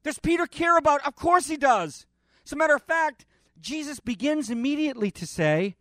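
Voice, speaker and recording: A male pastor preaching a sermon with passion, swinging between loud declarations and quiet asides, often restarting phrases. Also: extremely high pitch, big pitch swings, moderate pace, dry recording, studio quality. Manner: impassioned, with dramatic rises and drops in volume; repeats himself and restarts while preaching.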